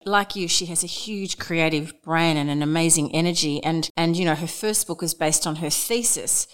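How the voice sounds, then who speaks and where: A woman hosting a podcast, asking thoughtful, measured questions of her guest. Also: deep voice, clean tone. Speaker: podcast host. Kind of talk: podcast interview.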